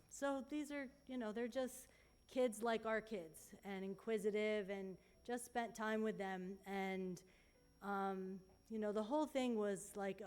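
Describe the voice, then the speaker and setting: A woman telling a church congregation about a mission trip over slides, earnest and heartfelt, sometimes dropping to a hush. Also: mid-range voice. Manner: earnest and heartfelt, with soft hushed moments.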